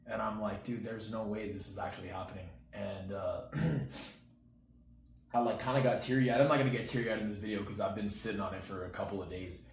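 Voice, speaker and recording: A man's voice: fairly low pitch, fairly even intonation, brisk. A young man telling a personal story to his viewers in a casual, rambling way, full of fillers, acting out what his friend said. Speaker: channel host. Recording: roomy echo, faint background hiss.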